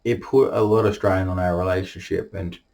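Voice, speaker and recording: A young man telling a personal story to the camera, halting and emotional, holding back tears. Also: low voice, steady tone, vocal fry, darkish tone. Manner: halting, emotional, many restarts.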